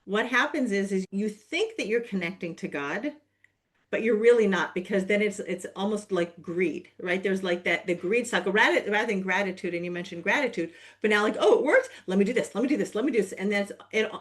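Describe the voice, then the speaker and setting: A woman's voice: medium pitch, moderate pace, a bit bright. Woman podcast interviewer, conversational, mid-range voice, talks things through. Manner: chatty, thinks aloud with restarts.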